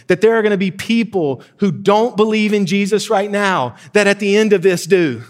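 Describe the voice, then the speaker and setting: Fired-up male pastor preaching. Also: high-pitched. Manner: excited, emphatic preaching that drops to quiet, slow stresses. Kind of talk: sermon.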